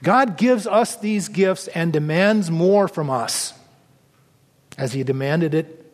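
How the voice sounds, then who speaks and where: A man with a fairly high voice preaches a sermon, earnest and measured. He sinks low and soft to drive points home. The sound carries a long reverb, as in a large hall. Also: lively intonation. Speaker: pastor.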